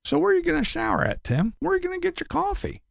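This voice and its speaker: Gravelly, lively man mocking bluntly. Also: very high-pitched, rapid-fire, no echo, clean studio sound. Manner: mocking, blunt, swears a lot. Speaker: commentary channel host. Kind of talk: casual commentary vlog.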